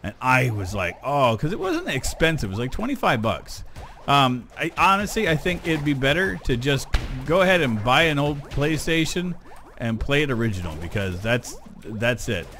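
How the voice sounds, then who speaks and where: A man's voice: mid-range voice, very animated, moderate pace, a bit bright, soft background music. Rambling man chatting while gaming. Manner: rambling, self-deprecating, many fillers. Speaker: gameplay video host. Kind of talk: casual gaming commentary.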